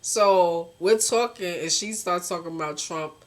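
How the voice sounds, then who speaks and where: A woman's voice: on the low side, measured pace. A young woman, venting bluntly and passionately in a casual vlog, swearing often and talking straight to her viewers. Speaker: vlogger.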